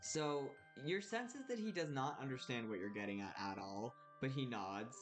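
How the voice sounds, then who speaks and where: Relaxed man running a tabletop game. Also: mid-range voice, moderate pace, music in the background. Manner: relaxed, many ums and uhs. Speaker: game master.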